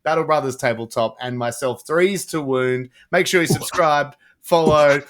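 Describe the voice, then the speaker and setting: A man's voice: fairly high pitch, normal speed, fairly bright tone, a little hiss or hum. A man co-hosting a casual podcast, talking in loose, rambling sentences full of fillers. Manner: rambling, filler-heavy sign-off. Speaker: podcast co-host. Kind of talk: casual chat.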